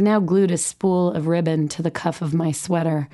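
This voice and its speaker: A woman's voice: lowish voice, fairly even intonation, moderate pace, hardly any pauses, warm tone. A woman in her forties reading her own memoir with a wry, self-deprecating manner. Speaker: memoir narrator, mother. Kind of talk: audiobook memoir narration.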